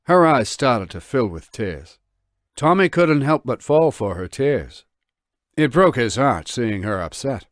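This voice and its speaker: A man narrating an audiobook in a lively, expressive reading. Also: medium pitch, measured pace, dry recording, clean studio sound.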